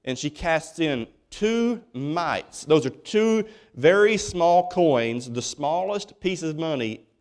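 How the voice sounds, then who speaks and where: Man, pastor, sermon in a church, folksy, emphatic, repeats himself, a bit high-pitched. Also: expressive, slow pace, hardly any pauses, a little mellow. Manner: folksy, emphatic preaching with many repeated starts.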